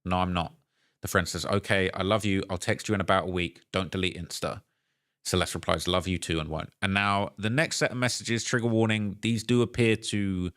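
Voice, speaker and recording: Low voiced guy going thru screenshots and news, kinda halting, lots of ums. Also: steady tone, a bit bright, dry recording, clean studio sound. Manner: reads messages aloud, hesitant with fillers and restarts. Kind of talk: commentary video narration.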